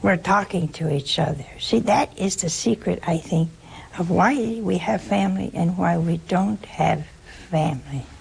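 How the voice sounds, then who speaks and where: A woman's voice: on the low side, measured pace, creaky, a little mellow, rough recording. An older American woman, a religious sister, giving a folksy spiritual talk, telling stories and acting out quoted dialogue with a laugh. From United States. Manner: chatty storyteller who acts out quoted dialogue with a laugh.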